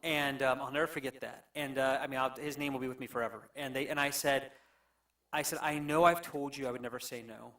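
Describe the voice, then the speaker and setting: Halting, emotional male pastor, distant mic. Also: medium pitch, fairly even intonation, a bit bright. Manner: halting, emotional, many restarts. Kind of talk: storytelling on a panel. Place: church.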